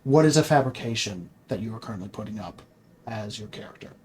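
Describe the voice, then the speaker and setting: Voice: medium pitch, expressive, fast talker. A game master narrating a tabletop game, asking a player probing, reflective questions about their character.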